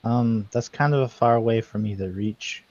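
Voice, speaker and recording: A man's voice: mid-range voice, darkish tone, no room sound. A man playing a character in a tabletop game, answering hesitantly. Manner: hesitant, slow. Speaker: player. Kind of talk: tabletop role-play. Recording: dull lo-fi mic.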